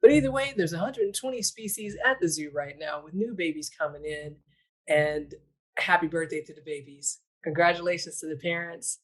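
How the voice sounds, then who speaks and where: Lady reporter doing a jokey zoo story, kinda low voice, sassy little asides. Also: moderate pace, poor audio. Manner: sassy, joking asides to the listener. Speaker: correspondent. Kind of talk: comic news report.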